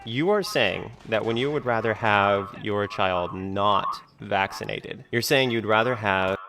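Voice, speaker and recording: A man's voice: fairly low pitch, measured pace, background noise. A man talking in a rambling vlog monologue, full of fillers like "like" and "you know". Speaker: video creator being reacted to.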